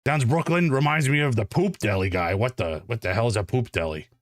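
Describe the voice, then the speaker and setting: A man voicing a gruff, angry New York man with a put-on New York accent, blustering and rambling. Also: mid-range voice, brisk, dry recording, clean studio sound, close to an everyday voice. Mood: brash.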